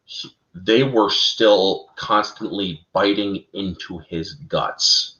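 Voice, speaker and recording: Male co-host, lowish voice, animated fan-lore talker, roomy lo-fi sound. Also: slow. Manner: animated, addresses listeners as folks, laughs at own slips. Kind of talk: casual lore discussion.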